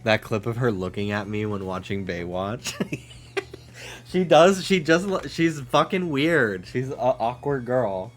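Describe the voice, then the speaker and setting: A man streaming a game from his home office, chatting casually, swearing freely and cooing to his dog in high baby talk. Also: very animated, unhurried, soft background music.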